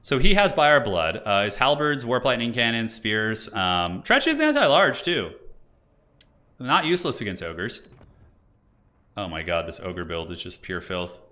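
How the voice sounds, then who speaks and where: A young man hosting a live game stream, chatting casually and excitably with viewers and often laughing. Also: lowish voice, measured pace. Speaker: streamer hosting multiplayer matches.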